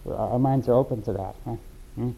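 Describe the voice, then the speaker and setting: Dark-voiced man musing haltingly. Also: medium pitch, vocal fry, slight background noise, rough recording. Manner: halting, checks in with "right?" and "you see". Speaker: discussion participant. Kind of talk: philosophical discussion.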